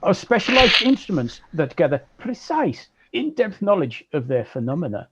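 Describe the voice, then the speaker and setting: A man's voice: high-pitched, sing-song, moderate pace, lo-fi sound, heavy background noise. A man co-hosting a casual chat, reading a text aloud and joking between lines.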